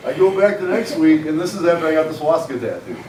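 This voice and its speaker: A man's voice: a little high, lively intonation, fast talker, darkish tone, a little hiss or hum. A man in his forties speaking at a conference, telling a personal story to an audience in a frank, conversational, self-deprecating way. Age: 40s. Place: conference hall. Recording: echoey hall, mic at a distance.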